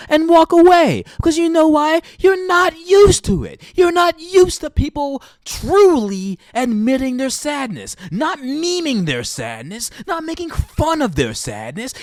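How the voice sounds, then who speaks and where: A young adult woman sits close to the mic in a dry, dead-sounding space and rants with open, frequent swearing. Her voice sits high and leaps all over its range as she builds to emphatic peaks. She talks as a podcast host in an impassioned monologue. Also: big pitch swings, a little slow, hardly any pauses, no echo. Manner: heavy swearing, emphatic ranting.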